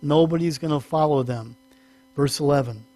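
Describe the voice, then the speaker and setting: A man with a somewhat high voice teaches scripture from the pulpit in a talky, self-correcting way. His voice climbs when he presses a point. The recording is dry and close, with a faint mains hum underneath. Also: normal speed, darkish tone, no echo. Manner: conversational, self-correcting, rises in pitch for emphasis. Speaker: pastor. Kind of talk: sermon teaching.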